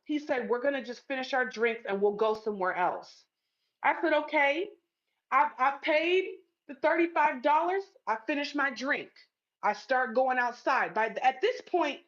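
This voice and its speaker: A woman's voice: high-pitched, fairly bright tone. A woman telling a story to camera in a blunt, profane, emphatic way. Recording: dull lo-fi sound.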